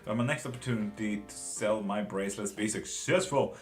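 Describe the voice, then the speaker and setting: This man's fairly low voice moves briskly as he gives a casual tarot reading on a live stream, with soft music playing behind him. He chats loosely with viewers, swears now and then, and laughs frequently.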